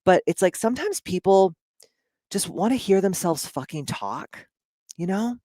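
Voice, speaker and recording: A woman's voice: medium pitch, sing-song, a little slow, mellow, dry recording. A woman speaking in a casual, blunt monologue, with frequent swearing and lots of "like".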